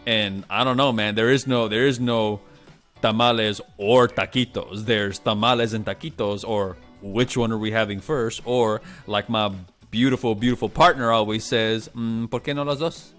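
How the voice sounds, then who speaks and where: Rambling, animated man hosting a stream. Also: lowish voice, normal speed, soft background music. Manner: rambling, animated, swearing, many restarts. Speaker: livestream host. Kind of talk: casual live-stream chat.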